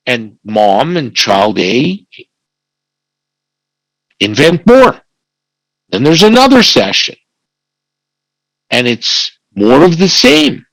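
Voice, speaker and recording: A man's voice: on the high side, sing-song, takes it slowly, creaky, long pauses, fairly bright tone, no echo, poor audio. A man, an attorney, giving an online slide presentation who acts out quoted dialogue and corrects himself mid-sentence. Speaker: family law attorney presenting.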